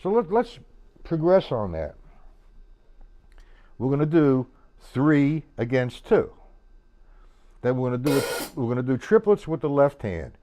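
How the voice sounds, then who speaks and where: A man's voice: medium pitch, big pitch swings, measured pace, long pauses. A man teaching a drum lesson, casual and repetitive, counting beats aloud as he plays. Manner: casual, repeats words, counts beats aloud while playing. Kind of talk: live-streamed drum lesson. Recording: drums loud behind the voice. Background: drum kit playing.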